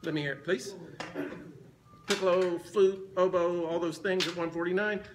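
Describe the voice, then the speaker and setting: A man's voice: high-pitched, steady tone, moderate pace, background noise. A man conducting a band rehearsal, counting the players in and singing phrases to show how they should sound. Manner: counts in, sings phrases to demonstrate. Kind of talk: rehearsal instruction. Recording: band music in the room. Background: band playing.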